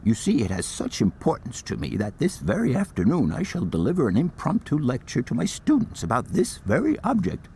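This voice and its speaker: An actor playing a formal, courteous older professor in a video game. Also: male voice, mid-range voice, wildly swooping pitch, a little fast, gravelly, few pauses, dark tone, slight background noise. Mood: assured. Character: eccentric older male professor, grand and formal. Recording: game audio with faint background ambience.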